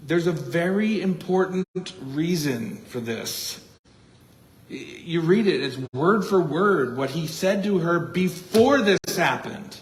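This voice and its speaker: A male pastor preaches in earnest, stumbling over and repeating words as he thinks aloud. His voice sits a little high for a man and rings through a roomy, echoing church. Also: animated, slow. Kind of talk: expository sermon. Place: church sanctuary. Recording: echoey church room.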